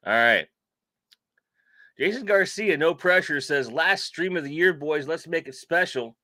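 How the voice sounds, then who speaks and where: A man hosts a casual livestream, joking, cursing and answering chat comments. His voice sits fairly high and swings widely in pitch. The sound is close and dry, with no room echo. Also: normal speed. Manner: joking, profane, animated banter. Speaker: toy collecting livestream host.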